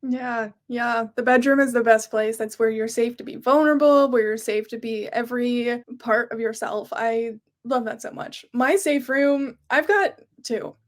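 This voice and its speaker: Fairly high-voiced woman hosting a podcast. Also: normal speed, hardly any pauses. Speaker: podcast host. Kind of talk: casual interview chat.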